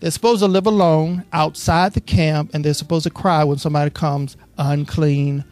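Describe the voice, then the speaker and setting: Preacher in church doing call and response, reads a verse then asks "what?", gets fired up, quiet music underneath. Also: mid-range voice, fairly quick. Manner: asks the congregation to fill in words; builds from steady Bible reading to impassioned preaching.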